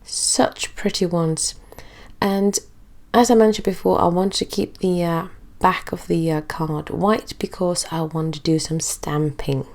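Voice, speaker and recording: A woman's voice: on the low side, fairly even intonation, a little mellow. A woman narrating a craft tutorial in a chatty, easygoing way, sounding stuffy and congested. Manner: chatty and easygoing, with filler pauses. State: stuffy, recovering from illness.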